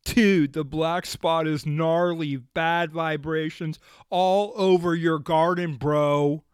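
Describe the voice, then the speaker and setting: A man's voice: on the high side, steady tone, slow, clear, resonant tone, no echo, clean studio sound. A man voicing a laid-back young surfer dude who drawls in slang.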